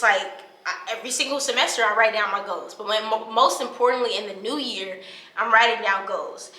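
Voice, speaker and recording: A college-age woman talking casually to camera in a vlog, chatty and animated, calling her viewers y'all. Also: medium pitch, reverberant. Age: 20s. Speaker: college student vlogger and podcaster.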